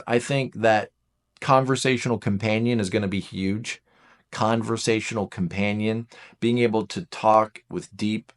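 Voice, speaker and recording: A man giving a casual explanatory talk, animated and self-deprecating, often acting out quoted speech with big jumps in his voice. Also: lowish voice. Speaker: teacher.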